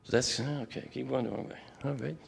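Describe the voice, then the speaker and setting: An older man leading a church prayer workshop, talking in a relaxed, conversational way with frequent asides and restarts. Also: medium pitch, fairly quick, vocal fry, husky, big-room sound. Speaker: workshop leader. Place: church fellowship hall.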